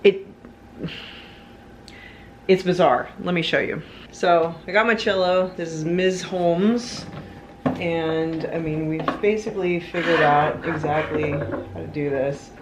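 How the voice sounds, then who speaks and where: A woman's voice: low voice, fairly even intonation, takes it slowly, long pauses, background noise. A young woman talking casually to her viewers in a home vlog, chatty and rambling, sometimes frustrated. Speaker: vlogger. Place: indoors at home, lying on the floor.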